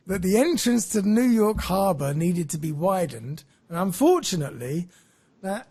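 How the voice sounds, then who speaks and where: A man's voice: sits high, sing-song, a little slow, warm tone, a little hiss or hum. A man hosting a podcast, telling a story in a chatty way and laughing at his own jokes.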